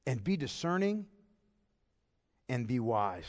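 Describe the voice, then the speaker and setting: A man preaching a sermon, emphatic and full of rhetorical questions, pausing to ask the congregation to follow along. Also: medium pitch, big pitch swings, long reverb tail. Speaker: pastor.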